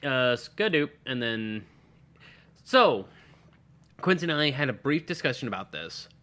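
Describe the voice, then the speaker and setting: Bright-voiced man co-hosting a podcast. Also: medium pitch, big pitch swings, measured pace. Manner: loose and profane, trails off and laughs. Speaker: podcast co-host. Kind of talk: casual chat.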